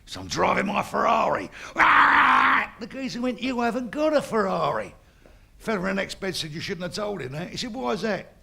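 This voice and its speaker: A man's voice: high voice, fast talker, creaky, a bit bright, husky. A Cockney man doing crude, boisterous stand-up, laughing at his own jokes. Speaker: stand-up comedian. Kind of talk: bawdy stand-up joke telling.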